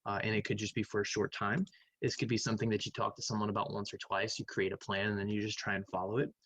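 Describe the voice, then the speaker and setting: A man's voice: fairly low pitch, no room sound, rough recording. A man who teaches math, casually reviewing quiz answers in a recorded lecture, thinking aloud and humming between questions.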